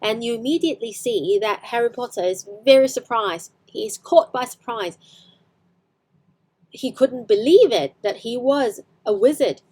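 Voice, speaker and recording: Hong Kong-accented woman English tutor, a touch high-pitched, chatty explainer who restarts her sentences. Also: expressive, normal speed, noisy background. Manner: explanatory, with frequent fillers and self-corrections. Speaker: English teacher. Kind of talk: online English lesson explaining film clips.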